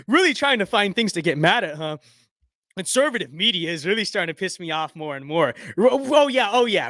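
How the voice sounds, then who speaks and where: A man's voice: high-pitched, fairly bright tone, no echo, studio quality. A man ranting on a live stream, reading chat comments aloud with heated sarcasm and frequent restarts.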